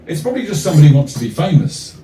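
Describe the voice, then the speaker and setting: A man reads his comic rhyming poetry to a small cafe crowd, moving from verse to dry, deadpan asides. His voice is dark and mellow but swings lively in pitch. The recording sounds roomy and distant, picked up from well back across the venue. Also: rapid-fire, slight background noise. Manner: wry, deadpan asides between rhyming poems. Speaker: performance poet. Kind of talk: live comic poetry reading.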